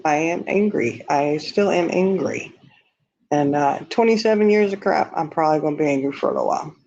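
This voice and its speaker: A man with a higher, darkish-toned voice hosts a relaxed livestream, reading out viewer comments. He speaks bluntly and candidly and often laughs at what he's said, over dull, lo-fi stream audio.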